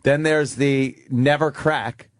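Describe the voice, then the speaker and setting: A man's voice: mid-range voice, steady tone, no echo, clean studio sound. A man in casual radio talk show chat, riffing conversationally and mimicking the people he describes. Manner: conversational, mimics cops and suspects with quick voice shifts. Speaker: radio show co-host or guest.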